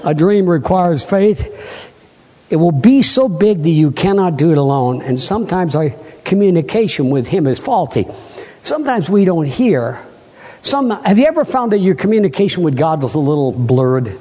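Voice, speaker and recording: A man's voice: a little high, animated, normal speed, warm tone. A man preaching a sermon, emphatic and rising to fervent peaks, asking the congregation questions. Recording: long hall reverb.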